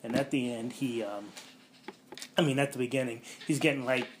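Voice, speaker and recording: A man hosting a casual podcast, rambling through a movie plot with lots of fillers and quick voiced-out quotes. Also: mid-range voice, fairly even intonation, slight background noise. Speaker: podcast host.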